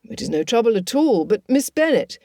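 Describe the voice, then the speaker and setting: A woman playing a polite gentleman officer. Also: a little high, very animated, fairly quick, dry recording, clean studio sound. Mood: concerned. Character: courteous concerned gentleman officer. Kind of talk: audiobook character voice.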